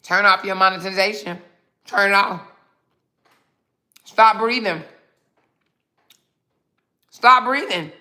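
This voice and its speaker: Sassy, bright-voiced woman livestreamer. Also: mid-range voice, steady tone, measured pace, long pauses. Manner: sassy, mocking, talks straight to viewers. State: snacking while talking. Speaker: livestream host. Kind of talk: casual livestream chat, reading viewer comments.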